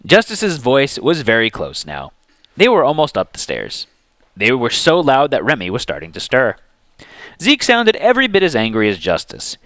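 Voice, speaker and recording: A man narrates a fantasy adventure with expressive, animated delivery. His pitch swings widely from line to line while the overall tone stays medium. The recording is close and dry. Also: normal speed, no room sound. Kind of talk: dramatic storybook reading.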